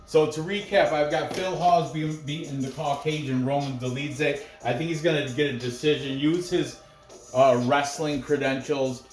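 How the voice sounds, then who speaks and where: A man hosting a casual MMA picks show, talking in a rambling, animated way with lots of restarts and asides. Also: mid-range voice, roomy sound.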